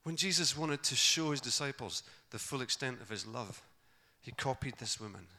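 Bright, animated preacher man. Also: mid-range voice, moderate pace. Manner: animated storytelling, acting out voices of the characters. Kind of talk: sermon.

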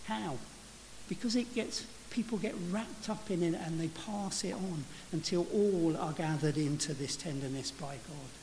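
A man with a somewhat high, slightly mellow voice preaches at normal speed in a church. He sounds reflective, often restarting phrases and saying "you know." The hall is reverberant, with faint hiss on the recording.

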